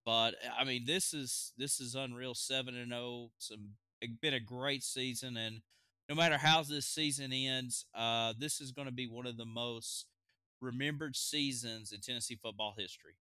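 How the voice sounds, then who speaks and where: A man speaking in an interview clip, upbeat and a little halting as he talks about the season. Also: mid-range voice, fairly even intonation, pushed and bright, smooth, no echo, clean studio sound.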